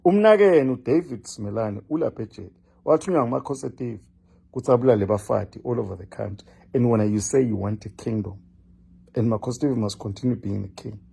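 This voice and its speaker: Older man, hectoring commentator, gravelly and dark. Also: mid-range voice, quick pace. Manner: scolding, lecturing, repeats a name for emphasis. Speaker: political commentator. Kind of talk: impassioned direct-address monologue.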